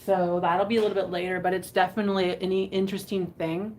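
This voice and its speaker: In a flat, fast, mid-range voice with a darkish tone, a woman runs a live online vintage sale. Her casual selling chat is giggly and rambling, and faint background noise can be heard.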